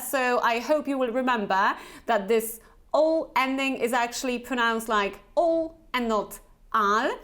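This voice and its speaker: A woman with a light Polish accent teaching English pronunciation, slowly modelling each word twice for the learner to repeat. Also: high-pitched, a bit bright. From Poland. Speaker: Business English pronunciation trainer. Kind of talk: pronunciation lesson with repeat-after-me drills.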